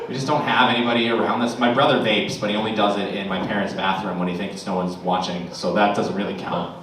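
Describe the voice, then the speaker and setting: A man's voice: lowish voice, steady tone, quick pace, fairly bright tone. A man doing stand-up, his delivery exasperated and sarcastic. He talks into a stage mic, heard from far off in a very echoey club with a noisy crowd behind him. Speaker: stand-up comedian. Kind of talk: stand-up comedy. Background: audience laughter.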